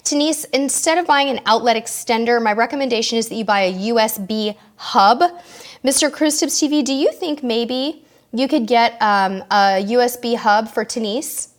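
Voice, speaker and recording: A woman with a slightly high voice hosts a live online Q&A. She reads viewers' questions aloud and answers each one in a relaxed, chatty way, talking straight to her audience. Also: normal speed. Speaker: host of a live cruise Q&A. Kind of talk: casual live-stream chat.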